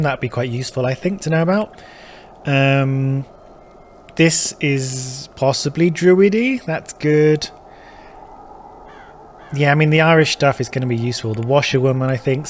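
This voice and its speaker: A man talking his way through a game playthrough, muttering to himself, thinking aloud and dropping the odd casual swear. His voice sits in an ordinary middle register, with a faint hiss of background noise. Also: medium pitch. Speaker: gaming channel host. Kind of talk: casual let's-play commentary.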